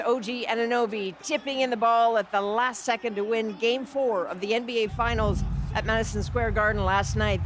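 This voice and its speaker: A news anchor reads scripted sports headlines in a crisp, measured way. Faint city and traffic sounds sit under the voice. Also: mid-range voice, fairly bright tone.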